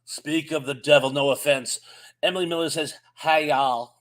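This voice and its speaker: A man's voice: a little high, fairly even intonation, moderate pace, a bit bright. A man with a Southern US accent co-hosting a live stream, reading out chat greetings in a friendly, chatty way.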